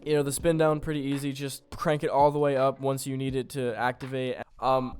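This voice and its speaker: A young man casually talking through how he built a beat, loose and full of fillers, poking fun at himself. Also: mid-range voice. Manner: loose, filler-heavy, self-deprecating. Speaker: beat producer. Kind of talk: casual tutorial narration.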